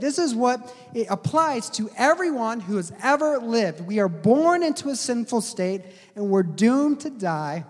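High-voiced man preaching in a hall. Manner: earnest, slows down to stress key words. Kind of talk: sermon. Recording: long hall reverb.

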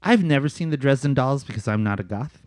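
A man's voice: quick pace, no room sound, studio quality. A man on a casual podcast, telling stories with swearing and lots of "man" and "dude". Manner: animated storytelling with big pitch swings. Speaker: podcast co-host. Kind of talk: casual chat.

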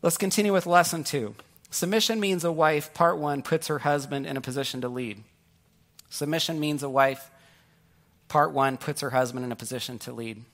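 A man's voice: on the high side, fairly bright tone. A man preaching a sermon as pastor, talking in a conversational, joking way and telling stories to make his point.

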